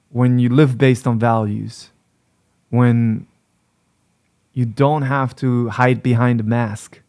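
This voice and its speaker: A man with a mid-range, darkish voice speaks straight to camera as a relationship coach. He gives blunt advice, lecturing and repeating his points for emphasis.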